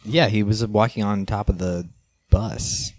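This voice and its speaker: A man co-hosting a casual movie commentary, agreeable and quick with short replies. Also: on the low side, fairly even intonation, a little mellow, no echo.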